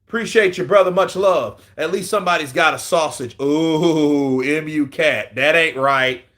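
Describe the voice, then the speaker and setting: A man's voice: fairly high pitch, measured pace. A man hosting a casual boxing livestream, reading chat aloud, swearing freely and laughing often. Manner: profane, animated, laughing often. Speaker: boxing channel host.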